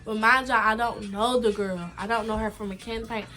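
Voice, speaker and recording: High bright-voiced young woman telling a story. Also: a little fast. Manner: animated, emphatic slangy storytelling. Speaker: vlogger. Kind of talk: story time vlog.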